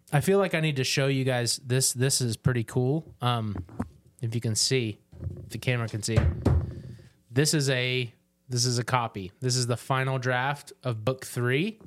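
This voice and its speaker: A man hosting a podcast in casual chat, rambling and joking with many restarts. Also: mid-range voice. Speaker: podcast host.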